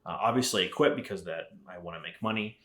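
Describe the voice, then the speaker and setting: A low-pitched man tells a long, winding story in a loose, swearing, conversational way. He is a middle-aged guest on a podcast. The room around him rings with a noticeable echo. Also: quick pace, a bit bright. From Arizona, USA. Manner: profane, rambling storyteller with frequent fillers. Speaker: podcast guest, rifle company founder. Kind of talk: casual chat. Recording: roomy echo.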